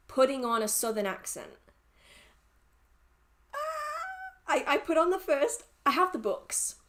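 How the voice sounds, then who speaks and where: A woman's voice: on the high side, fairly bright tone. A young woman hosting a livestream, chatting casually and rambling through viewer questions with restarts and laughter. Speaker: livestream host.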